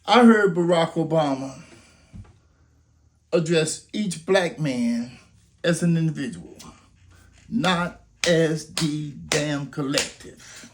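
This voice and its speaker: A man's voice: fairly high pitch, takes it slowly, long pauses. An older man making an impassioned, preacher-like appeal, full of rhetorical questions and story scenarios. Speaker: grandfather urging people to vote.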